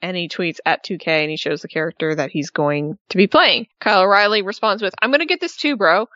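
A woman's voice: on the low side, brisk, sharp tone, no echo. Chatty woman podcast co-host, lo-fi sound. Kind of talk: casual chat, reading tweets aloud. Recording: dull lo-fi dry recording.

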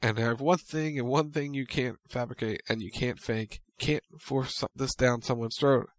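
A man co-hosting a casual chat, recapping events in brisk storytelling and playing out quotes. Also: medium pitch, steady tone, dry recording. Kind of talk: casual recap of a wrestling show.

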